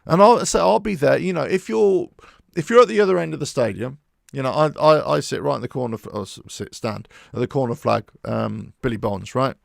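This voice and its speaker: A man talking casually to camera about his football club, animated and rambling with many restarts. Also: medium pitch, brisk, gravelly, dry recording, clean studio sound. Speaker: football fan channel host. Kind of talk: casual monologue.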